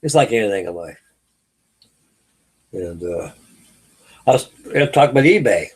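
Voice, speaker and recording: A man's voice: lowish voice, expressive, measured pace, slightly rough. Rambling middle-aged man telling stories. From California. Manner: rambling storyteller, many fillers and restarts. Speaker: host of a live hangout stream. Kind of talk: casual chat.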